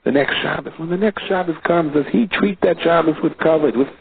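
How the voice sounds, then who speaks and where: A man, a rabbi, telling a story in an animated sermon, his pitch sweeping widely. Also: a little fast, vocal fry, breathy edge, no room sound. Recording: tinny phone-like audio.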